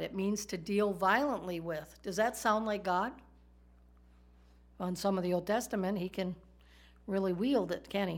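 A woman delivers a sermon with a somewhat low voice. She talks in a conversational way and keeps turning to her listeners with rhetorical questions. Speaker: Bible teacher.

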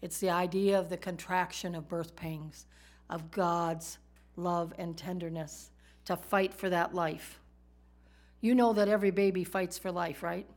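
A woman delivers a sermon with a somewhat low voice. She talks in a conversational way and keeps turning to her listeners with rhetorical questions. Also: steady tone, unhurried, darkish tone. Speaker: Bible teacher.

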